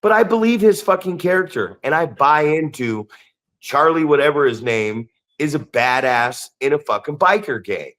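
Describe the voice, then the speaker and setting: A podcast co-host, a man whose voice sits a little high, rants heatedly and swears freely. He talks in emphatic bursts and leans hard on his points. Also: lively intonation, normal speed, fairly bright tone. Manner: profane, ranting, emphatic. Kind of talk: heated casual podcast talk.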